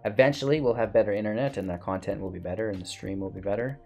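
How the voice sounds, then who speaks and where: A man's voice: lowish voice, very fast, vocal fry, darkish tone, soft background music. A man giving casual gameplay commentary and a rambling channel outro, tired and a bit out of breath, with lots of fillers. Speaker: gaming YouTuber and streamer.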